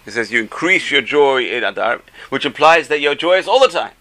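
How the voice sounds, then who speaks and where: A man, a rabbi, giving an animated Torah class, telling stories and mixing in Hebrew phrases. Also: mid-range voice, moderate pace.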